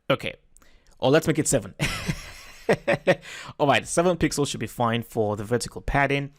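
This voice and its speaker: A man's voice: mid-range voice, dry recording, clean studio sound. Man walking through a screen tutorial. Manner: relaxed, self-correcting step-by-step walkthrough. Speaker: web design tutor. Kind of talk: screen-recorded software tutorial.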